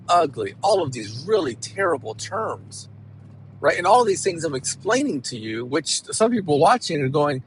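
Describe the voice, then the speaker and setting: An animated male counselor talks straight to the listener. His voice sits somewhat high, and he presses hard on key words and keeps tossing in "right?" as he goes. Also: a little hiss or hum, poor audio. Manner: emphatic, animated, peppered with "right?". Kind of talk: motivational talk to camera.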